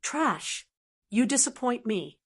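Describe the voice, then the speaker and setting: A woman's voice: fairly high pitch, sing-song, slow pace, husky, voice pushed up, heavily acted. A harsh old churchman who looks down on others and speaks with icy command. A woman reads his lines in an audiobook, with no real change of voice. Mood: cold. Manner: cold, commanding. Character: cold stern old male bishop.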